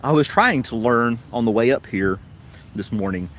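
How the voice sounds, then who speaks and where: A man's voice: mid-range voice, expressive, moderate pace, fairly bright tone, slight background noise. A man with a Tennessee accent hosting a casual livestream chat, rambling along in an easygoing way. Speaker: host.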